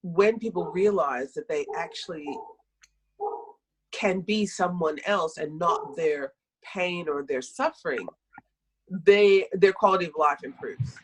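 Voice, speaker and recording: A middle-aged woman, a health practitioner, talking on a podcast and telling stories from her practice in a lively, self-correcting way. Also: fairly low pitch, measured pace, slight background noise, poor audio. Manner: storytelling, animated, self-correcting. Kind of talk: conversational podcast talk.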